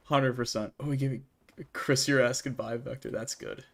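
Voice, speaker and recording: A man's voice: mid-range voice, fairly even intonation, moderate pace, gravelly, a bit bright. Rambling, chatty young man streaming. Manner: rambling and chatty, with many restarts and "like" fillers. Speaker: streamer and channel host. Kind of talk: casual livestream Q&A while gaming.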